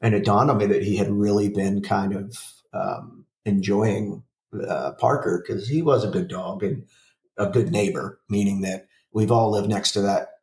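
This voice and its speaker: A man's voice: fairly low pitch, steady tone, moderate pace, a little mellow, reverberant, recorded from a distance. A man in his forties, a podcast co-host, chatting casually in a rambling, profane way with lots of fillers and restarts. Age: 40s. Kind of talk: casual chat.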